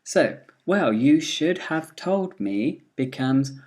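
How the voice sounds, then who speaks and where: A pronunciation teacher talking at an unhurried, deliberate pace. Each example is spoken clearly, once in the full form and once in the weak form, in a steady scripted classroom delivery. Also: medium pitch. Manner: slow, careful, models each phrase twice, full then weak form.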